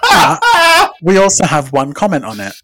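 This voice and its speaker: A man's voice: high-pitched, huge pitch swings, very noisy. A man co-hosting a podcast in casual, joking chat. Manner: playful, joking, quick to laugh. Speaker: podcast co-host.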